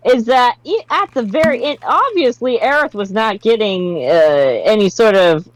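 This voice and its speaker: A woman retelling game scenes in casual talk, slipping into quoted character lines. Her pitch sits a little high and moves lively. The recording is dry and close. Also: moderate pace, dry recording, poor audio. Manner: expressive, acts out quotes in character voices. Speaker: podcast co-host.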